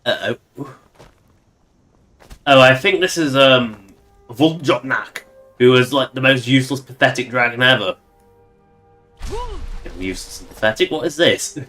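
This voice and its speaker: A man's voice: medium pitch, unhurried, pauses often, bright, forceful tone, soft background music. A man giving casual, sarcastic, rambling commentary while he plays a game on stream.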